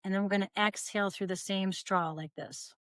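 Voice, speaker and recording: A woman voice coach, seated in her small studio, calmly guiding listeners through breathing and projection exercises. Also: mid-range voice, fairly quick, dry recording. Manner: calm, guiding, breaks into vocal demonstrations. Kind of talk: instructional voice lesson. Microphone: seated at camera.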